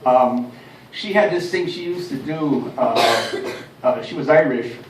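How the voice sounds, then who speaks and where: A man's voice: medium pitch, a little slow, background noise. Chatty self-deprecating stand-up man. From Detroit, USA. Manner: chatty, self-deprecating, chuckling at own jokes. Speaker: stand-up comedian. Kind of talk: stand-up comedy routine. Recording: roomy, distant mic, faint ambience.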